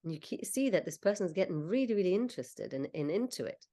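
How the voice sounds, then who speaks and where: A woman coach leading a slow, soothing guided visualization, talking the listener through each step. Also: lowish voice, big pitch swings, mellow. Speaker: confidence coach.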